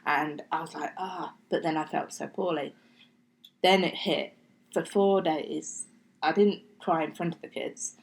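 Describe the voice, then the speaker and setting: Gravelly-voiced woman telling a story. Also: low voice, steady tone, unhurried, poor audio. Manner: chatty, acts out quoted speech, slips into near-whispers. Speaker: podcast guest. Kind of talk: casual interview storytelling.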